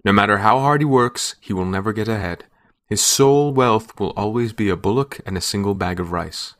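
A man reading a story and voicing an imperious four-headed creator god who speaks slow and booming. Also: lightly acted. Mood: grave.

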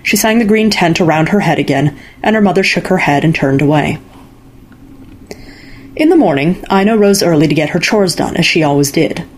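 A woman reading a fairy-tale story aloud in calm, measured narration. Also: fairly low pitch, slight background noise. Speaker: story reader. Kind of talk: scripted narration.

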